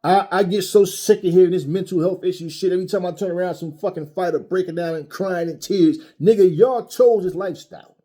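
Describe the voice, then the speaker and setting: Angry, husky-voiced man ranting. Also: high voice, a little fast, few pauses, mellow. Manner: angry, profane, mocking. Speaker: boxing commentary channel host. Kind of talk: heated opinion rant.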